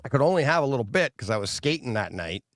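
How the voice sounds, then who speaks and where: A middle-aged man chatting casually as a show co-host, telling a story and raising his voice as he quotes himself. His voice sits at a medium pitch. The sound is dry and close, with little room echo. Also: quick pace. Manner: animated storyteller, quoting himself in a raised voice. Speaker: podcast co-host. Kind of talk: casual chat. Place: home theater room.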